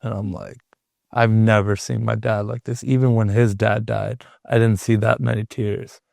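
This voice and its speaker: Gravelly-voiced man telling a casual story. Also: on the low side, little pitch movement, normal speed, a little mellow, dry recording, studio quality. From Canada. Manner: loose and chatty, leans on filler "like". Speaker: podcast host.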